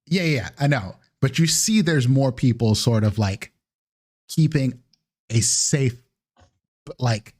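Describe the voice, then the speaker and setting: Slow-paced man narrating a tabletop game. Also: mid-range voice, animated, a little mellow. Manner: slow, halting narration with many fillers. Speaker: game master.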